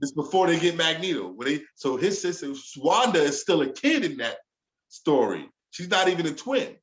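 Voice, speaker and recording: A chatty man co-hosting a casual podcast, retelling scenes with lots of "you know what I'm saying". His voice sits a bit higher than most men's. The room is echoey and live around him. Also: big pitch swings, moderate pace, fairly bright tone. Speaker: podcast co-host. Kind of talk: casual chat.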